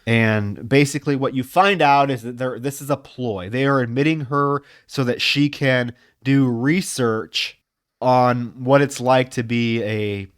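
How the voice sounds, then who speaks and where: Man, mid pitch, casual plot recap for a film podcast, dry close sound. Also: fairly even intonation, a little slow, no room sound. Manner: retells plot scenes with many fillers. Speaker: podcast panelist.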